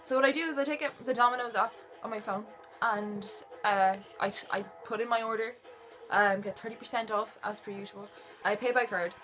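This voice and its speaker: A young woman telling a story to camera, chatty and rambling, with dry little asides. Her voice sits a touch high and bright, with faint music playing behind her. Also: steady tone, a little fast. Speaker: vlogger. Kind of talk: casual storytelling.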